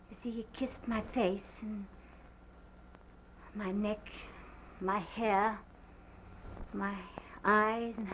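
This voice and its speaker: An actress playing a distraught planter's wife who gives a halting, theatrical statement in an early sound film. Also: female voice, fairly high pitch, natural voice. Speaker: witness giving a statement. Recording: muffled 1929 film sound with faint hiss.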